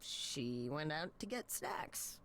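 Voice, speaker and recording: A woman's voice: sits low, animated, slow pace, fairly bright tone, slight background noise, full character voice. Woman doing a chill young hermes in a game, easygoing, kinda nervous little ums. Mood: breezy. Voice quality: breezy, casual, with nervous fillers. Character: upbeat young god of messengers, Hermes. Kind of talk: video game voice acting.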